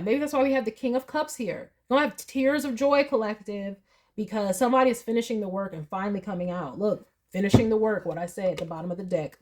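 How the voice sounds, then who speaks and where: A woman giving a tarot reading to her viewers, talking emphatically and emotionally, acting out quoted voices. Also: mid-range voice. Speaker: tarot reader.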